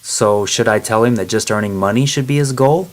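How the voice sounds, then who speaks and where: A man's voice: on the low side, brisk, lightly acted, poor audio. A man voicing a curious young girl traveler who asks eager questions, in a storybook reading.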